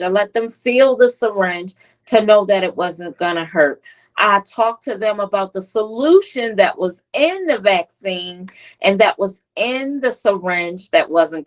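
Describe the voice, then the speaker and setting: A woman's voice: mid-range voice, poor audio. A woman pediatric nurse with a US East Coast accent, telling stories in an interview and acting out children's voices. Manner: animated storyteller, acts out children's voices. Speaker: pediatric nurse and author, guest. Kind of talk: conversational interview storytelling.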